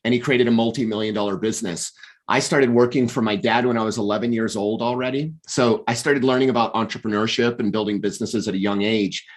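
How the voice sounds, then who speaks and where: Speaking fast with a voice on the low side, this middle-aged coach and author from the United States is a guest in a casual interview. He recounts his life story with animated pacing, often restarting his sentences.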